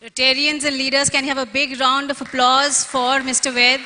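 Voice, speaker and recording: A woman's voice: high voice, flat delivery, normal speed, pushed and bright. Upbeat woman emceeing on stage. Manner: upbeat, engages the audience, calls for applause. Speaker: event emcee. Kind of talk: lively stage hosting. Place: large convention hall. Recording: long reverb from a large hall.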